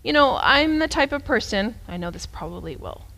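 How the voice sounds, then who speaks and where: A woman preacher giving a sermon as a story, talking in an animated, conversational way that swings between loud and hushed. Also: fairly high pitch, a little fast, gravelly.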